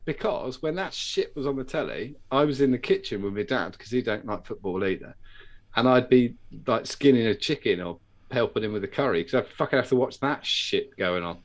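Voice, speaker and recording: A man's voice: medium pitch, lively intonation, a little fast. A British man co-hosting a live show, joking and telling rambling anecdotes with frequent laughter. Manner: joking, rambling storyteller who laughs often. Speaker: co-host of a live vape show. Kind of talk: casual banter over beers.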